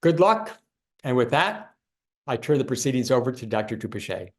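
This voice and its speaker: A man delivering prepared opening remarks for a webinar in an encouraging, slightly halting way, before handing over to the presenter. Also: medium pitch, very animated. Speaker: advocacy organization speaker introducing a webinar.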